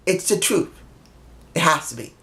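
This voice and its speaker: A man's voice: fairly high pitch, animated, moderate pace, sharp tone. Blunt, profane man ranting a review. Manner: blunt, profane, heated, repeats himself for emphasis. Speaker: wrestling show reviewer. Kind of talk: opinionated solo review rant.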